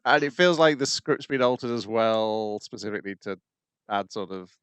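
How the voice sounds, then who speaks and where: A man's voice: lowish voice, normal speed, fairly bright tone, clear, resonant tone, no room sound. A man co-hosting an anime podcast in casual chat, giving blunt opinions with plenty of ums. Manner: blunt, frank opinions with fillers. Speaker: podcast co-host.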